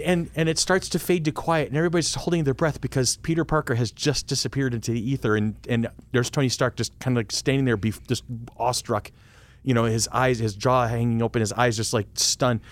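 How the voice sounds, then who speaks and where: Middle-aged male podcast host, lively raconteur, mimics voices. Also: mid-range voice, fairly quick. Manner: animated storyteller, acts out voices. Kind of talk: casual podcast chat.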